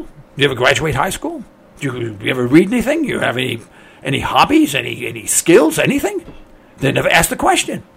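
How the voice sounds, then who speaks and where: A man with a fairly high, gravelly voice rants to his listeners as a talk host. His pitch swings widely and his tone is husky as he fires off rhetorical questions and repeats his points with mounting indignation. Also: fairly bright tone. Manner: indignant, ranting, repeats himself. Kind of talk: opinionated monologue.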